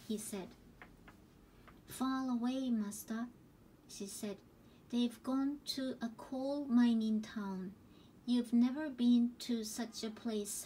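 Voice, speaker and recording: A woman slowly reading a novel aloud as an audiobook, gentle and unhurried, with small restarts. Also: fairly high pitch, recorded from a distance, a little hiss or hum, rough recording. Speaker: audiobook reader. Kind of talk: slow storybook narration.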